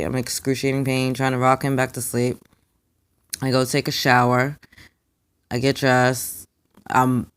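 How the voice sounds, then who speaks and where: With a bass voice, a young adult spiritual card reader shares a personal story. She's emphatic and animated, performing the quoted lines as she goes.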